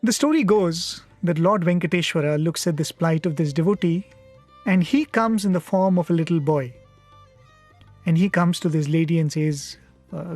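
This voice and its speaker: A man from India speaking at a satsang, telling a devotional story in an unhurried, reflective way with frequent pauses. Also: on the high side, darkish tone, soft background music.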